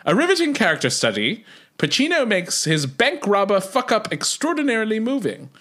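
Guy doing a hammy cartoony british voice, way high and loud, reading stuff out. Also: sing-song, racing, exaggerated voice. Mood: theatrical. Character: exaggerated caricature British man reading aloud.

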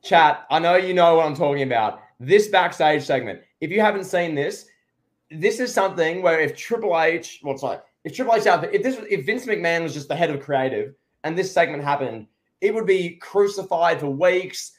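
A man's voice: fairly high pitch, expressive, normal speed. A man co-hosting a casual wrestling review podcast, talking in a rambling, sarcastic way and often restarting his sentences. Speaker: podcast co-host.

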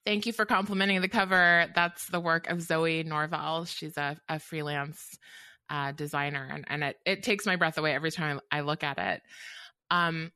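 A woman's voice: deep voice, fairly even intonation, normal speed, sharp tone, clean tone, no room sound. A woman author in an interview, speaking thoughtfully and earnestly, with frequent ums and restarts. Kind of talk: reflective interview talk.

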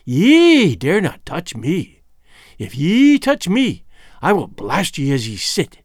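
A man voicing a wicked, ancient female witch-doctor in an audiobook, with a piping, shrill voice and slow, drawn-out threats. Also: huge pitch swings, dry recording, clean studio sound, exaggerated voice. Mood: menacing. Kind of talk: audiobook character voice.

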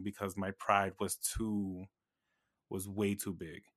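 Low, flat-voiced man in easygoing chat. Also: measured pace. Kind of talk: casual chat.

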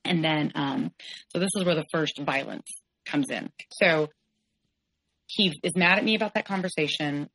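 A woman with a low, deep voice recounts her own past in a podcast interview. She speaks frankly and haltingly, trailing into fillers and restarting her sentences. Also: gravelly, fairly bright tone, rough recording. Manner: frank, halting, with many "like"s and self-corrections. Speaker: podcast guest. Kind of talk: candid personal storytelling.

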